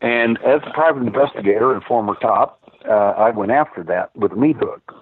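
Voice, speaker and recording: The caller is an older man, a former police officer now working as a PI, and he talks fairly quickly in a lowish, breathy voice. His casual stories ramble, packed with fillers and restarts, over a tinny phone line with no room sound.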